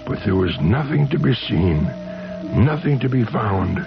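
A man's voice: medium pitch, very animated, measured pace, creaky, music in the background. An actor in his sixties playing a desperate, lovesick chemical engineer husband in a 1970s radio drama. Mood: urgent. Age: 60s. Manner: desperate, emotional. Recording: dull old radio broadcast.

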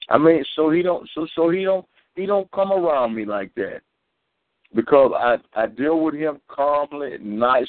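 A man's voice: on the high side, animated, normal speed, no room sound. Preaching man on a tinny phone line. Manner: storytelling, repeats and restarts words. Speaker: preacher on a community call. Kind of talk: preaching testimony.

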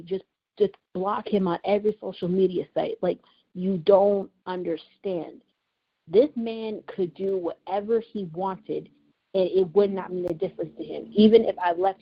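This podcast host and writer has a husky, mid-range voice and talks at a moderate pace. She tells a painful story from her own life with earnest emotion, circling back to the same words for emphasis, all captured on a dull lo-fi recording.

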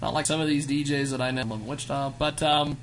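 A man's voice: medium pitch, fast talker, background noise. A man hosting a casual radio show, joking and swearing casually as he introduces his guests. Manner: animated, jokey, swears casually.

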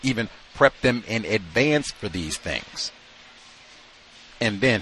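A man's voice: on the low side, animated, takes it slowly, pauses often, fairly bright tone, slight background noise. A man hosting a radio talk show, giving emphatic commentary and now and then acting out the voices of people he quotes. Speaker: radio host.

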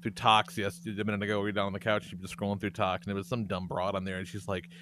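A middle-aged man hosting a podcast, telling stories in a profane, animated way. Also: on the low side, very fast, noisy background. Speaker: podcast host. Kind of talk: casual podcast chat.

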